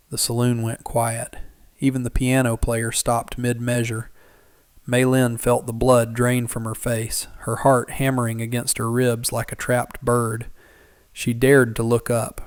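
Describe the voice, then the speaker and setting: A man's voice: medium pitch, clear, resonant tone, no echo, studio quality. Man narrating a dramatic frontier tale. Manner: measured, dramatic storytelling. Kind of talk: scripted story narration.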